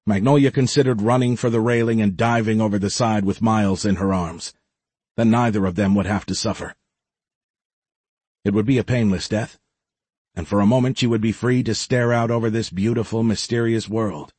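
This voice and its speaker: A man narrating an audiobook in a steady, measured way. His voice is low and husky, with a breathy edge. The sound is dry and close. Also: no echo. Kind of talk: scripted narration.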